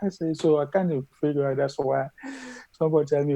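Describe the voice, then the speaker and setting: A man with a noticeable foreign accent in a casual coaching chat, talking haltingly with many repeats, restarts and loose phrasing. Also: on the high side, steady tone, creaky, mellow, no echo, muffled recording. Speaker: interview coaching client.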